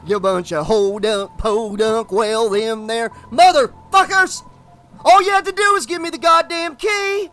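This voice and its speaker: A man's voice: high voice, lively intonation, measured pace, soft background music, voice pushed up, exaggerated voice. Man voicing a taunting demon salesman. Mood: raging. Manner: shouting, taunting, mock southern drawl at times. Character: gleeful demonic male salesman, mocking and cruel.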